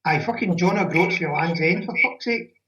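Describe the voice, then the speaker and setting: A man's voice: fairly high pitch, expressive, moderate pace, bright, forceful tone, recorded from a distance, rough recording. A Scottish man calling in to a football podcast, blunt, sweary and rambling. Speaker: caller. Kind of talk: casual football chat.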